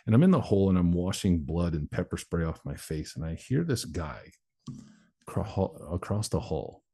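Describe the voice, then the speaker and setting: On an interview show, a motivational speaker in his forties talks at normal speed in a low, mellow, slightly rough voice that is very animated. He's candid about his life story and mimics other people's voices along the way.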